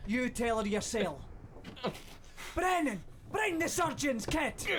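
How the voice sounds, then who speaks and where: An actor playing an older Scottish first mate on a ship, comforting a dying sailor and shouting for help. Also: male voice, very high voice, big pitch swings, slow, a little hiss or hum, exaggerated voice. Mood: urgent. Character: gruff older male ship's first mate, urgent.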